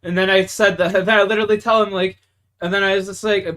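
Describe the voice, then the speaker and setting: Here a young man with a Canadian accent chats casually while gaming, his high voice barely moving in pitch as he talks quickly. He curses and rants, alternating between loud and mumbled delivery.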